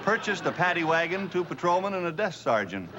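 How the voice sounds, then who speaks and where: A man's voice: fairly high pitch, very animated, brisk, highs cut off, heavy background noise. A man reading joke headlines as a mock-serious anchor in a sketch comedy newscast. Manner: mock-serious news delivery. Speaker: news anchor.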